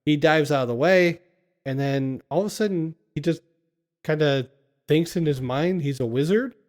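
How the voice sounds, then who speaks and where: A man's voice: a little high, normal speed. A man casually recapping a film scene by scene on a podcast, laughing often as he retells it. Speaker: podcast co-host.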